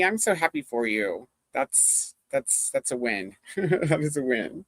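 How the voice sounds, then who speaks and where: A livestream host with a mid-range, fairly bright voice chats casually with viewers, a little slow but expressive. They ramble, laugh often and read comments aloud. The recording is dry.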